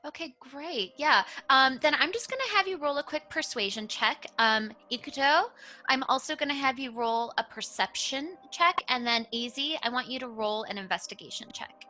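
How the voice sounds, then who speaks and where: A woman narrating as dungeon master of a tabletop game, chatty and quick to laugh. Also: high voice, animated, sharp tone.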